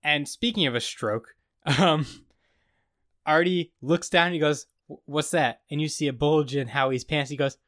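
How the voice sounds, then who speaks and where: Young guy podcast cohost, kinda high voice, rambly recap, dry close mic. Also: moderate pace, a bit bright, no room sound. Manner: rambling retelling full of "like" and quoted lines. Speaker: podcast co-host. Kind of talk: casual podcast chat recapping a show.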